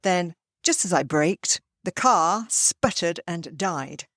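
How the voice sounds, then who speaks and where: An older woman, hosting a podcast and telling a personal story in a lively way. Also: fairly low pitch, slow, no room sound, clean studio sound. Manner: lively storyteller, acts out quoted voices. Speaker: podcast host. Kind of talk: storytelling monologue.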